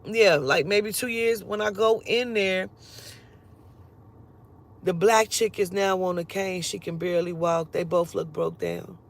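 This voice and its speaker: A woman telling a personal story in a casual, animated and profane way, acting out the other people's lines as she goes. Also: fairly low pitch, unhurried.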